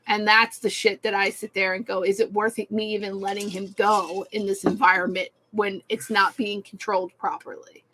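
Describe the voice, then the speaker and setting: A woman's voice: mid-range voice, a bit bright, a little hiss or hum, rough recording. A woman co-hosting a casual podcast, speaking frankly with many "like" fillers. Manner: frank, filler-heavy, lots of "like". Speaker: podcast co-host. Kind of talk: casual chat.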